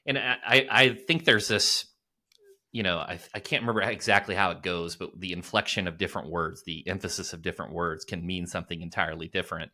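A man hosting a podcast interview, asking questions in a halting way with many restarts. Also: low-pitched, sharp tone. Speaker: podcast host.

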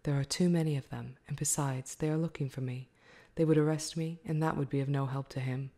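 A woman's voice: deep voice, steady tone, a little fast, dark tone. A woman voicing a stern, mysterious wild man. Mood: commanding. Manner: stern, authoritative. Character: commanding wild man in a wolfskin cloak. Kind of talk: whispered role-play.

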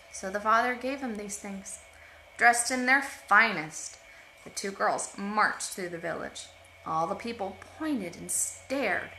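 Bright-voiced woman reading a storybook aloud. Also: medium pitch, takes it slowly, slight background noise. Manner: expressive, with asides about the pictures. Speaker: storytime reader. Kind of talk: reading a picture book aloud to children. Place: at home. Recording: roomy home echo.

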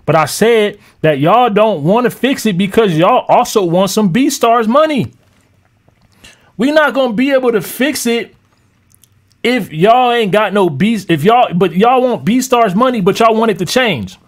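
A man's voice: high voice, lively intonation, measured pace. A man ranting on a live stream to his chat as a music producer, heated, mocking and profane.

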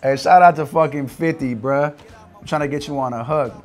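A man's voice: fairly high pitch, brisk. A man in his twenties, a rapper guest talking casually in an interview, laid-back and swearing freely. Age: 20s.

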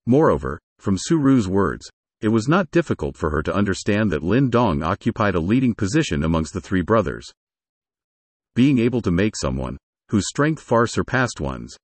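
Low husky male story narrator. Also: dry recording. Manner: steady storytelling.

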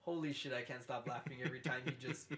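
A man's voice: medium pitch, fairly even intonation, fast talker, crowd noise. A man co-hosting a wrestling podcast, talking with enthusiasm, laughing as he speaks and swearing casually. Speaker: podcast co-host. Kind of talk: casual chat.

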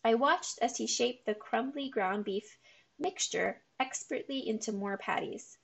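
Gravelly woman reading a chapter book. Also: on the high side, a little slow. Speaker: children's book reader.

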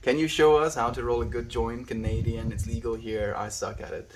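A man's voice: mid-range voice, little pitch movement, fairly quick, a little hiss or hum. A man from South Africa with an Afrikaans first language, streaming outdoors and reading live chat aloud in a laid-back way, calling everyone his friend. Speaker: livestreamer. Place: outdoors on a windy day.

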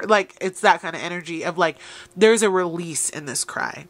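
A woman's voice: fairly low pitch, fairly quick, no room sound. A woman giving an encouraging tarot reading, speaking straight to her listeners. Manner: encouraging, addresses listeners directly. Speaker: tarot reader. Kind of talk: tarot reading addressed to viewers.

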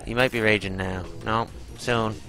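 A man's voice: on the low side, steady tone, normal speed, music in the background, rough recording. A man giving live gameplay commentary, exclaiming, groaning and swearing as he fights a boss. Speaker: gaming channel host.

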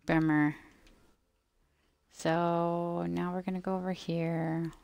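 A woman's voice: fairly low pitch, little pitch movement, slow, vocal fry, a little mellow, clean tone. A woman giving casual gameplay commentary, chatting to the game's creatures and scolding them playfully. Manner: chatty, talks to the game creatures, mock-scolding, drops to murmurs. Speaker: gameplay video maker.

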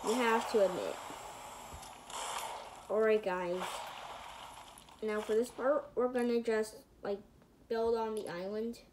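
A woman's voice: fairly high pitch, steady tone, slow, long pauses, noisy background. A woman giving casual gameplay commentary, rambling to her viewers with lots of fillers and murmuring to herself as she builds. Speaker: gaming channel host.

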